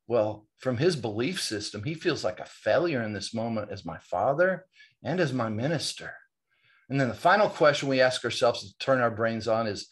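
A man's voice: mid-range voice, lively intonation, normal speed. A man, a podcast guest, telling an earnest, confessional personal story and quoting the dialogue as he goes.

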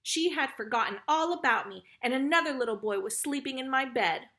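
A woman's voice: high voice, fairly quick, pushed and bright. A woman voicing a proud boy who never grows up, speaking coolly and bitterly.

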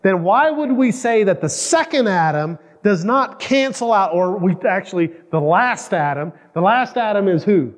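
A man's voice: high-pitched, animated, moderate pace, hardly any pauses, big-room sound. A man preaching a sermon as pastor, often asking the congregation questions and acting out quoted prayers. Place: church sanctuary.

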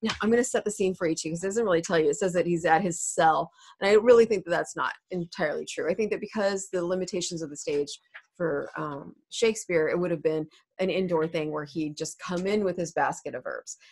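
A woman's voice: fairly low pitch, fairly quick, darkish tone, husky. A woman English teacher from the United States, chatting casually as she explains a play's scene to her students. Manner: chatty and explanatory, laughs easily. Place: home room. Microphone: desk mic.

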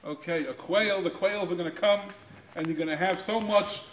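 A man speaking to high school students on Torah, acting out quoted voices with jumps in pitch and often repeating words as he finds his phrasing, in an echoing school room. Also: moderate pace. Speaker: guest speaker.

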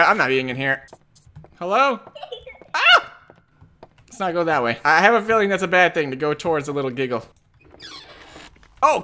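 A man's voice: on the high side, pushed and bright. A man commentating a horror game, jumpy and jokey, swearing often as he panics. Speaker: gamer.

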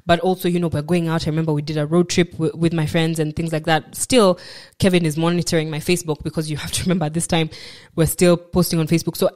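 Woman, Kenyan accent, lowish voice, candid storytelling, reflective, self-deprecating. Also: level tone, quick pace, darkish tone. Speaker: podcast guest.

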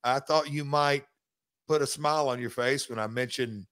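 Halting man in his fifties. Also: medium pitch, steady tone, a bit bright. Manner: halting, restarts often, drawling. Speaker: podcast host, former wrestler. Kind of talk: casual chat.

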